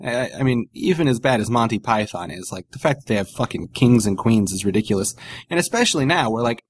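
A man's voice: medium pitch, lively intonation, quick pace, no room sound. A man rambling through a comedy podcast, swearing and joking with loose filler words. His voice sits in the middle range and is recorded close and dry, with no room sound. He keeps the talk loose and irreverent. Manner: rambling, profane, jokey, many fillers. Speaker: podcast co-host. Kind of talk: casual comedic chat.

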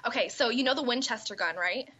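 A woman in a casual chat, excitable and freely swearing. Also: fairly high pitch, fast talker, muffled recording, slight background noise. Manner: excitable and profane.

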